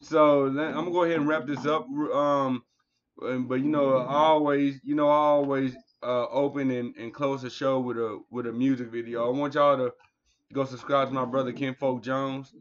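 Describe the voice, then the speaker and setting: A male livestream host wraps up his show in a loose, rambling way, with plenty of fillers and restarts. He speaks at a middle pitch, and the audio is dull and lo-fi. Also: little pitch movement, normal speed. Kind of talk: casual livestream sign-off.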